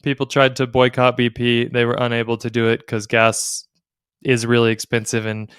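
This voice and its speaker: A man's voice: mid-range voice, monotone, moderate pace, a bit bright, clear, resonant tone, no room sound, studio quality. A man co-hosting a casual podcast conversation, playfully quizzing his co-host like a game show.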